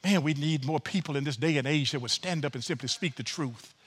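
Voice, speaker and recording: A man preaching a sermon in a folksy, animated way, often repeating words as he builds his point. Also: a little high, a little fast, breathy edge. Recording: long reverb of a large room.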